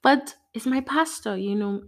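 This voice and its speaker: A young woman hosting a casual faith podcast, excitable and giggly, rambling as she encourages her listeners. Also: fairly high pitch, a little slow. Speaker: podcast host.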